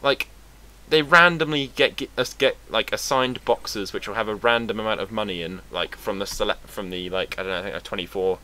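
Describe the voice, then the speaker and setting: Bright-voiced young British man rambling. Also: lowish voice, fairly even intonation, fairly quick, few pauses. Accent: British English. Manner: rambling, sarcastic, swears freely. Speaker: vlogger. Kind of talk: casual rambling monologue.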